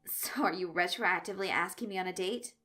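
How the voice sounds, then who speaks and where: A woman's voice: on the low side, brisk, pushed and bright, soft background music. A woman doing a flustered teenage boy game master. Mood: earnest. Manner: stammering when flustered.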